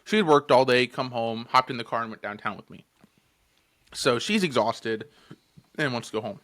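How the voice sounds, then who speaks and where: A man's voice: medium pitch, moderate pace, fairly bright tone. A man in his twenties co-hosting a podcast, telling a story casually, swearing freely, laughing often and leaning on fillers. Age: 20s. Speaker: podcast co-host.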